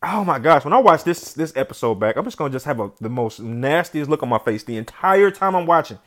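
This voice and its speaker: A man commentating his own football video game play, chatty and slangy, swinging from loud yelling to low muttering. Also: big pitch swings, a little fast. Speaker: gamer.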